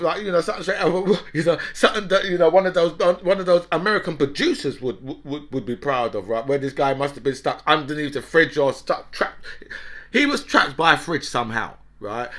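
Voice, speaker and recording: A man talking in a loose, rambling monologue. His voice is bright and lively and climbs and dips a lot, and he laughs often and keeps tagging "right?" onto his points. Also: mid-range voice. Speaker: talk show host. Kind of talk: casual monologue.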